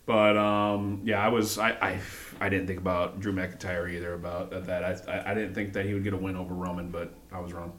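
Casual low-voiced man with hesitant chatter. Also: level tone, fairly quick, few pauses, a bit bright, echoey room, slight background noise. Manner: hesitant, many fillers and restarts. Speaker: podcast co-host. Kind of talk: casual wrestling recap chat.

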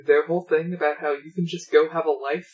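Male co-host, higher pitched, deadpan sarcastic reviewer, dull podcast sound. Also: quick pace. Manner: dry, sarcastic. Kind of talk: casual episode review chat.

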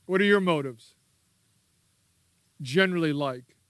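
A man's voice: fairly high pitch, measured pace, a bit bright, smooth, no echo, clean studio sound. A man preaching a sermon as pastor, emphatic and repetitive, prompting the congregation to repeat key words.

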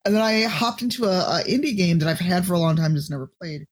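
Woman podcast guest, husky, wry, chuckling. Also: lowish voice, lively intonation, fast talker. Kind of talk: casual podcast chat.

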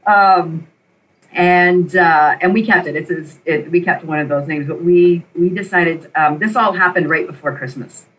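A middle-aged woman, an interview guest, telling a personal story in an animated, emotional way and repeating phrases for emphasis. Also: on the low side, measured pace. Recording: voice a bit distant from the mic.

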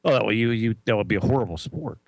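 A man's voice: on the low side, lively intonation, very fast, gravelly, no echo. A man chatting casually as a co-host, teasing and making wry remarks. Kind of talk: casual chat.

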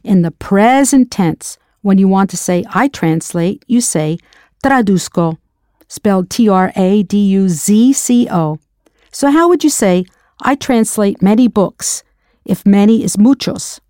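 A woman's voice: medium pitch, animated, unhurried, warm tone, no room sound, studio quality. A woman teaching a recorded language lesson, spelling words out letter by letter and asking the listener to answer. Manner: spells words letter by letter, then prompts the learner.

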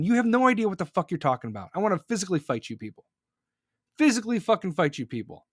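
A man's voice: high-pitched, very animated, fast talker, no echo, clean studio sound. A man hosting a podcast, delivering an angry, profane political rant. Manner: furious, profane, ranting. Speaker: podcast host.

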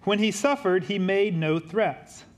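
This male pastor preaches at a slightly slow pace. His sermon alternates between quiet, low emphasis and lively, humorous asides delivered conversationally.

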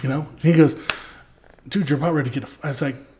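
A man, a podcast guest, telling a story in a casual, lively way, acting out what people said with swearing and laughs. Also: mid-range voice, fast talker, a little hiss or hum. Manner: animated, acts out quoted lines with swearing and laughs.

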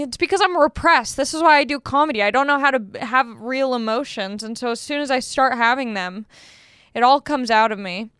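A woman's voice: sits high, a bit bright, clean tone, dry recording, clean studio sound. A young woman, a comedian hosting a podcast, telling stories in casual, self-deprecating chat. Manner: chatty, self-deprecating storytelling.

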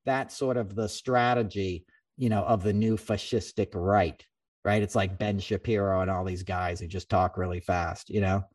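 A man hosting a podcast, talking politics in a loose, animated ramble. He swears freely and keeps restarting his sentences. He sits a little back from the microphone. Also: low voice, normal speed, recorded from a distance. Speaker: podcast host. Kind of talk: casual political chat.

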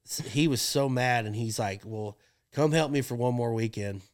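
A man's voice: medium pitch, normal speed. Give me a young man casually telling rodeo stories with lots of energy. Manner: animated, acts out quoted voices, laughs often. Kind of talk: casual storytelling chat.

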